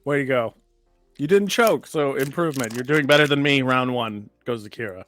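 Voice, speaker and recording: A man's voice: mid-range voice, normal speed, a bit bright, faint music behind. A man co-hosting a casual podcast, teasing his partner while running the timer of a quiz game. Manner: teasing, runs the timer like a quizmaster. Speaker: co-host.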